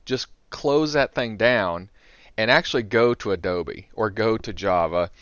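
A man's voice: lowish voice, a little slow, a bit bright, no echo, highs cut off. A man hosting a podcast, chatting conversationally and offering practical tips. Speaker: podcast host. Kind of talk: casual podcast discussion.

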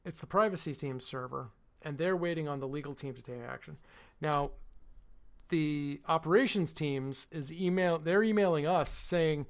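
Animated storytelling man, fairly high voice. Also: normal speed. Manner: animated retelling, mocking others in quotes. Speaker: podcast co-host. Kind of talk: casual chat, storytelling.

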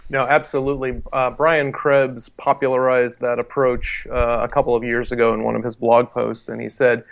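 Gravelly-voiced man explaining tech. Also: mid-range voice, level tone, normal speed, few pauses. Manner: explanatory, uses fillers and analogies. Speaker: IT security guest expert. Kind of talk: casual podcast discussion.

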